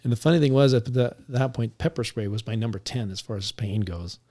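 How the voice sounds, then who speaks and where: Man, husky voice, officer telling his story, lively, chuckles between lines. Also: medium pitch, fairly quick. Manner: animated, laughs while recounting. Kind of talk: conversational storytelling.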